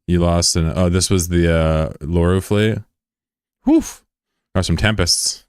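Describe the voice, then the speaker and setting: Deep-voiced sarcastic young man streaming. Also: steady tone, slow, clear, resonant tone, no echo, studio quality. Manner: joking, sarcastic, rambling. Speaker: game streamer. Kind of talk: casual livestream chat.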